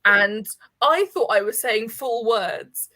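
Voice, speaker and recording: A woman chatting with friends on a voice call, telling a story in a giggly, animated way. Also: fairly high pitch, slow, no room sound. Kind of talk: casual chat on a group call.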